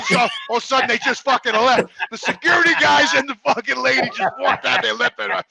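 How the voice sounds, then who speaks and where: A man telling stories in a rough, loud, profane way, acting out what people said. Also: extremely high pitch, quick pace, hardly any pauses, a crowd in the background, low-quality recording. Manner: loud, rough, swears constantly, acts out quotes. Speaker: regular guest telling stories. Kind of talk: casual profane storytelling.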